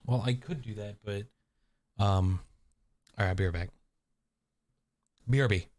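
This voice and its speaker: A man's voice: lowish voice, measured pace, darkish tone, no room sound. A man live-streaming from a room at home, chatting playfully with his viewers and his cat. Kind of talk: casual live-stream chat.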